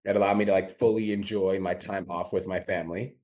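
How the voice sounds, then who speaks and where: A man's voice: deep voice, fairly even intonation, a little fast, a little mellow. A man hosting a podcast, giving a blunt, profane motivational talk and acting out his own inner complaints. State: recovering from a sore throat. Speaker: podcast host. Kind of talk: motivational monologue.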